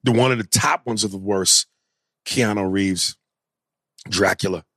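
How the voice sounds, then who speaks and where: A man in casual conversation, animated and profane, jumping into loud excited bursts. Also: fairly low pitch, measured pace, long pauses, no echo. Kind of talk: casual chat.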